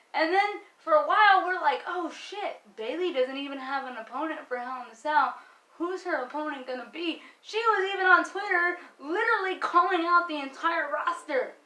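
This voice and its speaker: A woman's voice: high-pitched, pushed and bright, echoey room, low-quality recording. A young woman giving an exasperated, emphatic, profane rant as a fan commentator. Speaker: wrestling vlogger.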